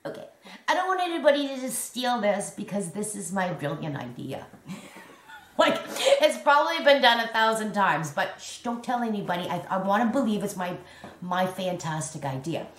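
In an echoey room at home, a woman in her fifties with a mid-range voice chats casually about her crochet at normal speed, very animated, for a show-and-tell vlog. She rambles, restarts her sentences, and lets out little giggles, with slight background noise behind her.

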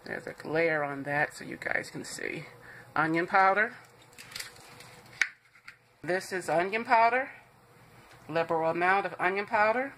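A woman's voice: lowish voice, unhurried, pauses often, a bit bright, a little hiss or hum. Chatty woman hosting a home cooking demo. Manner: chatty, reassuring, talks to viewers as "guys". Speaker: cooking show host.

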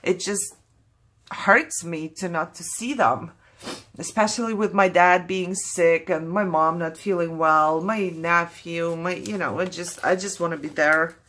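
A woman's voice: fairly low pitch, fairly even intonation, a little slow, a bit bright. A woman from Germany, talking candidly and apologetically while opening mail, fighting back tears. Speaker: craft vlogger opening mail.

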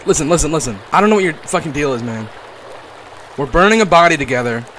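Young man, gaming commentary, lively swooping pitch, playful, crude, faint hiss behind. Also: fast. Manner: playful, swings from mock-tender to yelling and swearing. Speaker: gaming YouTuber. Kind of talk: comedic gameplay commentary.

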